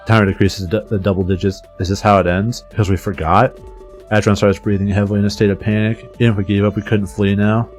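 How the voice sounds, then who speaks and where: A man's voice: lowish voice, flat delivery, fast talker, soft background music. A man streaming, reading a visual novel aloud in a dramatic voice with casual swearing asides.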